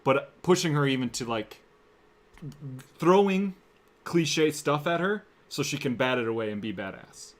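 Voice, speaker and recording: A young man co-hosting a casual talk show, relaxed and agreeable, often trailing off into a low mutter. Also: unhurried. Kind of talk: casual chat.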